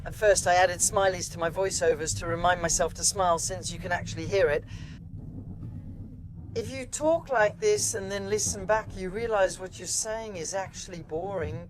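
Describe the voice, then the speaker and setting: A woman's voice: on the low side, poor audio. A woman, an automotive TV journalist, chatting casually from inside a car and explaining things with many asides. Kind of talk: casual conversation.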